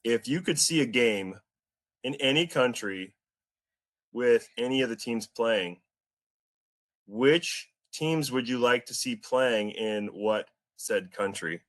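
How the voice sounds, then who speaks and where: A man with a middle-pitched voice hosts a casual sports podcast. His delivery is relaxed and easygoing, full of jokes and friendly banter. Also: slow. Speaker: podcast host.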